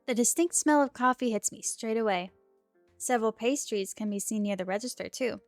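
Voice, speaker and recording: A woman's voice: fairly high pitch, a little fast, no room sound. A woman streamer reading a dating game aloud in a casual playthrough, with a sore throat and giggly, chatty asides. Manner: chatty, giggly asides between read lines. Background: faint game music.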